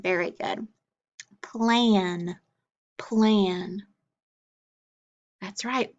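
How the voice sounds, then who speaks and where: A woman teaching a phonics drill, slowly and clearly sounding out letters and blends, with frequent encouraging praise. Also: medium pitch, steady tone.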